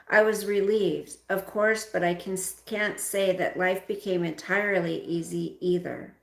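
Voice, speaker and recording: A woman's voice: fairly low pitch, vocal fry, roomy sound. A woman hosting a livestream and reading a memoir aloud, breaking off now and then to speak directly to her viewers.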